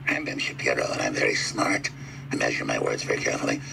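A man's voice: rumbling low, very animated, fast, vocal fry, sharp tone, slightly rough, full character voice. A man mocking a smug nerdy young guy. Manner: mocking, sing-song. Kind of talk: comic impression on a radio show. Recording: radio broadcast clip with music beneath.

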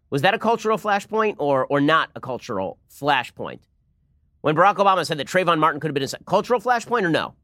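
A man hosting a political commentary show, arguing in a sarcastic, rapid-fire way. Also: a little high, fairly bright tone, no room sound, clean studio sound.

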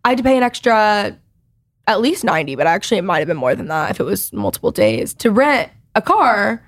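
Loud twenty-something woman w a valley girl accent, chatty podcast host, voice bouncing up and down a lot. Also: medium pitch, fairly quick. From Texas. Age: 20s. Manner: chatty, says like a lot, lively. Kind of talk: casual chat.

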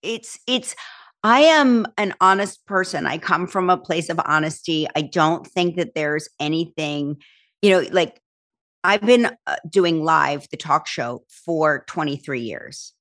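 A woman, chatting as an interview guest and telling animated, laughing stories. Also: low voice, unhurried. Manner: animated storyteller, acts out voices, laughs often. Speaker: talk show host and author, guest. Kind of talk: casual interview chat.

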